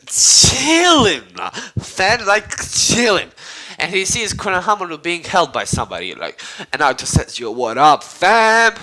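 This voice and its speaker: A man's voice: mid-range voice, bright, forceful tone, low-quality recording. A man casually retelling a fan-made story, rambling, cursing and full of slang and fillers.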